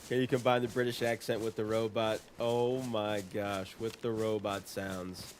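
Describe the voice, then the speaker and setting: A man's voice: lowish voice, little pitch movement, measured pace, a little hiss or hum. A man chatting casually on a live game stream, playful, laughing often and greeting viewers in chat. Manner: laughs often, playful, trying silly voices.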